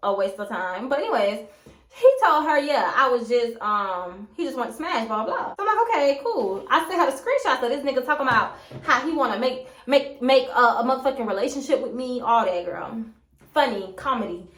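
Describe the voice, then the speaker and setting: A young woman vlogger telling a storytime to camera in a sassy, animated way, acting out quotes and swearing freely. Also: sits high. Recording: echoey room.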